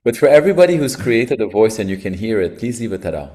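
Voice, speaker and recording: A man's voice: fairly low pitch, big pitch swings, fast talker, warm tone, slight background noise. A man co-hosting an online workshop, upbeat and jokey as he guides participants from a computer mic. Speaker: workshop co-host.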